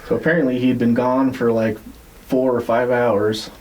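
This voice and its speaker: A man on a podcast telling a story in a casual, rambling way, swearing freely and filling pauses with "like" and "uh". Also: medium pitch, flat delivery, darkish tone, slight background noise, rough recording. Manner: rambling, profane, many fillers. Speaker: podcast co-host.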